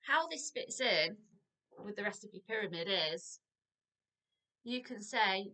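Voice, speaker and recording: A woman teaching a parenting lesson, lively and playful, acting out what parents and children say. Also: mid-range voice, unhurried, pauses often. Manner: animated, acts out parent and child lines. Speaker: parenting practitioner.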